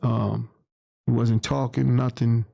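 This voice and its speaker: Man, interview guest, candid storytelling, low mellow tone, dry close sound. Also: level tone, slow pace, gravelly, dry recording. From New York. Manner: candid, plain-spoken, acts out quoted voices. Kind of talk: casual storytelling.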